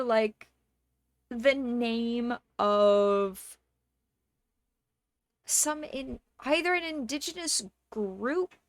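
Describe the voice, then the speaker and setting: A young woman streamer casually telling a story to her chat, exasperated and animated, with swearing and fillers. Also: on the high side, no echo. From Canada.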